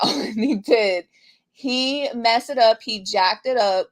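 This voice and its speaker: A woman's voice: medium pitch, measured pace. A woman co-hosting a casual podcast, chatting animatedly about the week's wrestling, laughing often and trailing off mid-thought. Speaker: podcast co-host. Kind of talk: casual wrestling recap chat.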